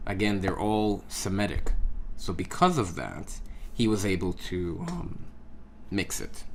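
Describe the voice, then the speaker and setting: Deep-voiced guy teaching a language lesson, real slow and patient, keeps saying okay?, faint hum in the background. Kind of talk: casual explanatory lesson.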